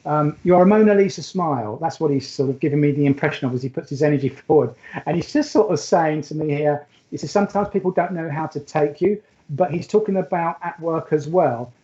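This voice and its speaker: A man's voice: on the high side, dark tone, muffled recording. A man giving a live spiritualist mediumship reading, chatty and affectionate, rambling with fillers and restarts. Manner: chatty and affectionate, calls the sitter "my darling".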